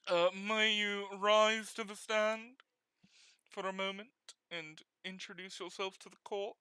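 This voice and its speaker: A man voicing a pompous, scheming male judge with a put-on British accent, speaking slowly and formally. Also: high voice, little pitch movement, bright, forceful tone, clear, resonant tone, no echo, pitched above the performer's own voice. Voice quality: slow, formal and haughty.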